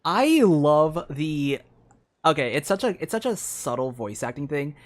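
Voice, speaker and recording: A young woman streamer giving chatty, excitable commentary while she plays a game. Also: low-pitched, measured pace. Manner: chatty, excitable, laughs often. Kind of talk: gameplay commentary.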